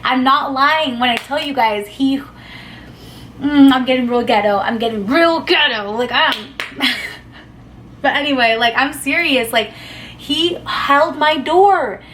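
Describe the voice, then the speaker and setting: Young woman, casual storytime, rambling, swears, fairly high voice, faint background noise. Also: slow, a bit bright. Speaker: vlogger.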